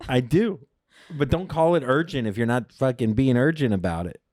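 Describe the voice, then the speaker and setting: A man co-hosting a comedy podcast, spinning a story with big swings in pitch. He is recorded close on a dry mic with no room sound. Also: moderate pace, no echo. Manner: animated storytelling, acts out quoted voices. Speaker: podcast co-host. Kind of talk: casual comedic chat.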